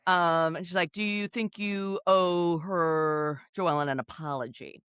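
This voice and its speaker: A woman co-hosting a casual recap podcast, telling the story in an animated way and acting out quotes with frequent laughter. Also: on the low side, unhurried, smooth, no echo, studio quality. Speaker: podcast co-host.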